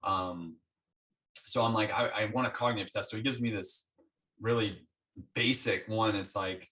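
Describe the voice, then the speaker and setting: An interview guest with a lowish voice speaks at normal speed, sounding far from the mic. He tells his story conversationally and animatedly, acting out the dialogue he had with his doctors.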